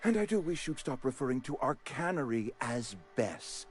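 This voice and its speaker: A man voicing a pompous male company town administrator in a video game, talking in a formal, ornate and smoothly persuasive way. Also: medium pitch, big pitch swings, moderate pace, soft background music.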